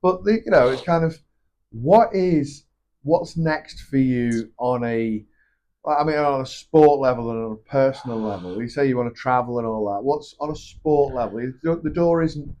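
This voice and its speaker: A man's voice: mid-range voice, moderate pace, a little mellow. An easygoing male podcast host in casual chat. He answers briefly and moves his guest along with questions. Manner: easygoing, asks questions, short replies.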